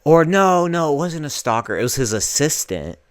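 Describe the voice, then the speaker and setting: Podcast co-host, man in his thirties, animated pitch, dry close sound, joking. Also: moderate pace, dry recording. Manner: laid-back, joking, swears mildly. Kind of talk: casual chat.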